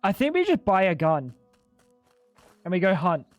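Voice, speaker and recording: A man's voice: sits high, huge pitch swings, normal speed, dry recording, muffled recording, soft background music. A man live-streaming a video game in casual, chatty commentary, swearing freely and calling everyone "dude". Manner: chatty, swears a lot, keeps saying "dude". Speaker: gaming streamer.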